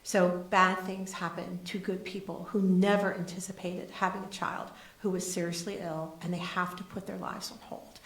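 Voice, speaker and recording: A woman's voice: mid-range voice, a bit bright. A woman with a lilt tells stories animatedly, acting out the voices of the people in them. Her voice sits in a middle range for a woman. The room has a noticeable echo. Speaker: charity CEO guest. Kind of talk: animated storytelling on a talk show.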